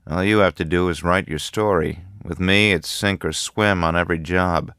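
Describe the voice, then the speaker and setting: A man voicing a bitter, anxious young male architect in an audiobook, talking in a slow, grumbling way. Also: sits low, fairly even intonation, a bit bright, clear, resonant tone, no echo, studio quality. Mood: grave.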